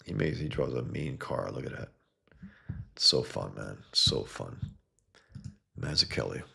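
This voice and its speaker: Low gravelly man, livestream talk. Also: lively intonation, normal speed, bright, forceful tone. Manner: enthusiastic, profane, reads chat aloud. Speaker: livestream host reviewing comic art. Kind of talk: casual livestream commentary.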